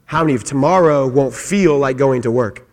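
A man preaching a sermon as pastor, emphatic, repeating his phrases and swinging between loud and soft. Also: medium pitch, moderate pace. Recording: long hall reverb.

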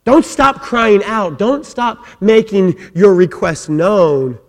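A man preaching a sermon as pastor, emphatic, repeating his phrases and swinging between loud and soft. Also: high voice, sing-song, takes it slowly. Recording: long hall reverb.

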